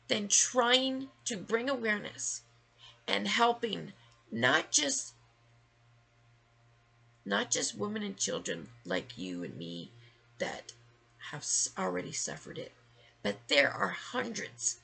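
Husky, gravelly woman ranting angrily. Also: medium pitch, sing-song, slow pace, sharp tone. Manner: angry, emphatic, swearing. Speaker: vlogger sharing her story. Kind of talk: emotional rant to camera.

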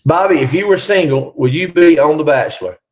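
A man's voice: fairly high pitch, a little fast, a little mellow. A middle-aged man hosting a casual live chat, reading out viewer questions and answering them. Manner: reads viewer questions aloud, chatty.

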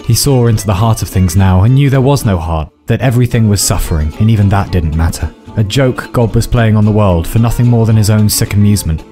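A man reading a scripted story in a measured storytelling manner. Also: on the low side, dark tone. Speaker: narrator. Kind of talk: scripted narration. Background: faint music.

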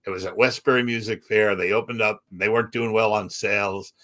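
A man's voice: on the low side, fairly quick. A man, a comedian and magician, telling stories in a casual interview and acting out the people in them. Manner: animated anecdotes with acted-out quotes and laughs.

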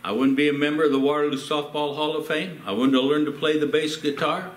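A man's voice: on the high side, steady tone, quick pace, roomy sound. An older man, a pastor, telling personal stories in a sermon and acting out the quotes. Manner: storytelling with acted quotes. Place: church.

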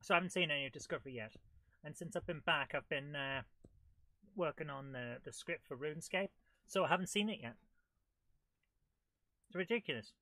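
A woman with a head cold, hosting a live let's-play and chatting excitably to the game, often laughing. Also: deep voice, a little fast, long pauses, no echo. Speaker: host of a retro gaming channel.

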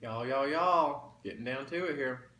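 Man, casual mukbang chat, folksy, mid-pitched voice, roomy echo. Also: unhurried. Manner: chatty, folksy, addresses viewers as y'all. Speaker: mukbang vlogger. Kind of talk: casual chat while eating. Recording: roomy echo, faint background noise.

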